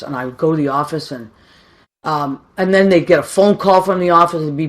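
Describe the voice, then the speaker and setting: A woman tells a family story. She talks in a chatty, animated, self-mocking way and keeps adding asides. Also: on the low side, a little fast. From Boston, USA. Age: 50s. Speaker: granddaughter telling a tribute story. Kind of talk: casual storytelling.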